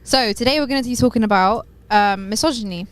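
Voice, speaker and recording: A woman's voice: a little high, fast talker, clear, resonant tone. A woman co-hosting a casual podcast, talking with lots of hesitant fillers. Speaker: podcast co-host. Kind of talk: casual chat.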